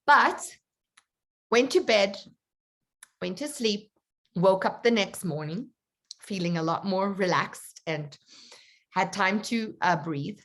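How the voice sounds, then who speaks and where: A woman coach telling a personal story to her group in a chatty, animated way. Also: medium pitch, a little slow. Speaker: confidence coach. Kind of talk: storytelling in an online coaching session.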